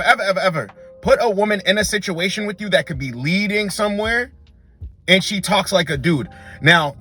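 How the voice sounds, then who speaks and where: A man's voice: high voice, sharp tone, husky. A young man hosting a dating advice monologue, blunt and emphatic, repeatedly calling the listener bro. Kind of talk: direct-to-camera advice monologue.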